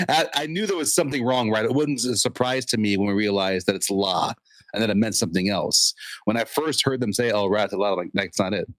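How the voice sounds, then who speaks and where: A man's voice: fairly low pitch, fairly quick, a bit bright, no echo. A man co-hosting a casual podcast, emphatic, repeating his points and laughing often. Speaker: podcast co-host.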